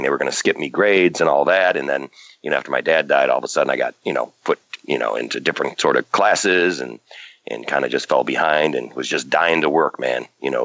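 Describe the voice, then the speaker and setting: A male caller on a phone-in show who talks haltingly, with many restarts. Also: extremely low pitch, a bit bright, dry recording, highs cut off. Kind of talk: phone call-in conversation.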